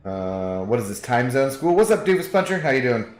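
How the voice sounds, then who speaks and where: A man's voice: medium pitch, sing-song, fairly quick, reverberant, soft background music. A man streaming a video game, chatting casually and jokingly with viewers and reading their messages aloud.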